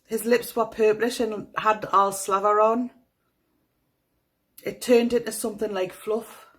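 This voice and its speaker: A woman's voice: mid-range voice, steady tone, unhurried, fairly bright tone, lightly acted. A woman with a Northeast English accent reading aloud a young girl's statement to the police, in a matter-of-fact voice. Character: young girl giving a flat police statement.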